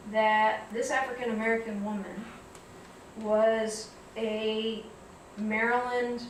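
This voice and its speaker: A woman with a slightly high voice gives a reflective, measured public talk, moving easily into storytelling. She is heard from a distance in a very echoey hall, with faint room noise behind her. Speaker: guest speaker. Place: lecture hall.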